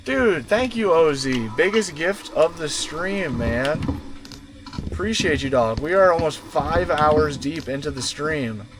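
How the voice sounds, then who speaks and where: A man's voice: a little high, animated, slow. A young man chatting casually and slangily on a long gaming livestream from inside a van, often cooing to his dog. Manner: laid-back slangy, talks to his dog. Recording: music playing behind.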